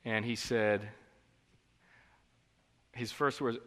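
A man preaching a sermon in an earnest, conversational way, moving between quiet reflection and emphatic outbursts, in a church. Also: medium pitch, normal speed, long reverb tail. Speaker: pastor. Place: church sanctuary.

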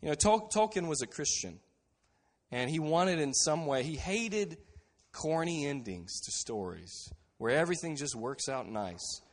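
A pastor preaches a sermon in an earnest, steady manner, dropping to a quiet voice to stress key phrases. His voice is a little high, his pace measured, and the sound suggests a big room.

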